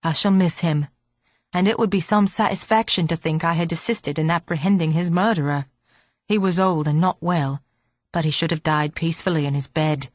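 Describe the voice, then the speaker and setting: A man's voice: fairly high pitch, normal speed, dry recording, natural voice. A woman voicing an earnest, courteous young male doctor who speaks in polite, formal sentences.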